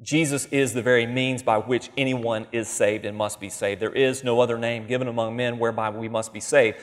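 Man preaching in a reverberant hall. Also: mid-range voice. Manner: conversational, emphatic, reads scripture aloud. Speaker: pastor. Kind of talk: sermon teaching.

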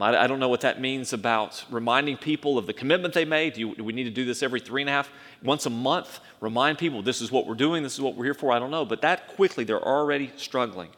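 A man preaching a sermon as pastor, swinging between loud emphatic lines and quiet asides. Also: medium pitch. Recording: long hall reverb.

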